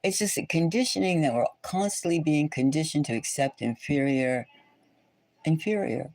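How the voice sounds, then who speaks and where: A woman's voice: low voice, animated, normal speed, a little mellow, no room sound. A woman hosting a livestream chat, talking in a rambling, indignant way with many restarts, fillers and rhetorical questions. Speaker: tarot channel host.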